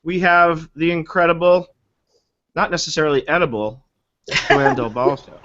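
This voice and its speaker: A man's voice: fairly high pitch, moderate pace, fairly bright tone. A man hosting a casual group video chat, joking and rambling playfully. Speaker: webinar host. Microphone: video call. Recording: dull lo-fi video call audio.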